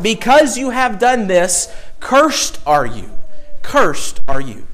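A man's voice: fairly high pitch, a little hiss or hum. A middle-aged man preaching a sermon, earnest, asking his listeners direct questions and repeating key words.

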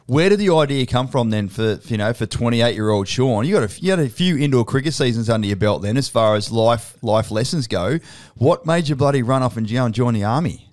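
A man's voice: medium pitch, lively intonation, a little fast, a little mellow. Aussie guy hosting a podcast, swears a lot, laughs loads, chatty mid-range voice. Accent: Australian. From Australia. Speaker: podcast host. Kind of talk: casual podcast interview.

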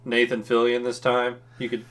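A man's voice: medium pitch, completely flat delivery, moderate pace. A man co-hosting a casual gaming chat, cursing and joking while he acts out his reactions. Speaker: podcast co-host.

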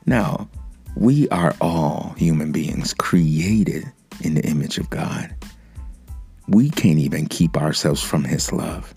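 A man with a very deep, gravelly, husky voice preaches slowly and earnestly to the listener. He keeps a casual, direct tone, and soft music plays faintly behind him. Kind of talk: devotional sermon to camera.

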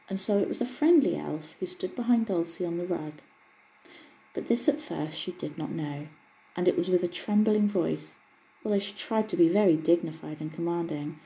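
A woman narrating an old fairy tale in a measured storytelling manner. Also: fairly low pitch, vocal fry, dark tone, low-quality recording.

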